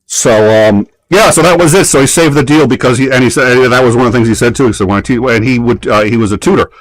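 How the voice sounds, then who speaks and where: A man's voice: medium pitch, fast talker, no room sound. A man telling a story in casual chat, rambling along with many fillers and restarts.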